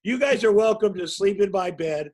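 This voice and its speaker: Rambling high-voiced man in his sixties. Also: expressive, moderate pace, darkish tone, low-quality recording. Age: 60s. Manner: rambling, anecdotal, self-mocking. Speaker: guest. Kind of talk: casual storytelling.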